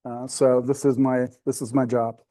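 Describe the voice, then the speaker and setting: A man's voice: medium pitch, flat delivery, normal speed, dark tone. A middle-aged man presenting to a photography club in a casual, sarcastic and self-deprecating way.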